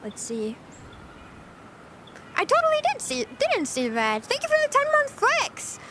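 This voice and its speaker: A woman's voice: extremely high pitch, huge pitch swings, a little slow, very noisy. A young American woman chatting casually on a live stream, giggly and bubbly, reading and answering chat. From United States. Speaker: VTuber streamer.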